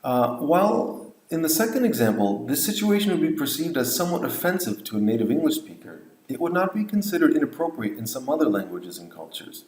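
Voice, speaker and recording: A man's voice: mid-range voice, sing-song, a little fast, few pauses, a little mellow, reverberant, rough recording. A man lecturing on language teaching, explaining points and modeling example phrases. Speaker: English teacher trainer.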